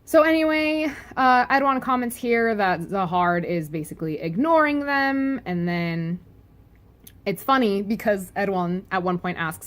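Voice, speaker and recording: A woman's voice: medium pitch, lively intonation, measured pace. A woman giving a casual, joking video review of a comic, talking in a loose, chatty way full of "like" and "anyway" and laughing often. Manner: chatty and giggly, with lots of "like" and "anyway"; playful and joking. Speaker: webcomic reviewer.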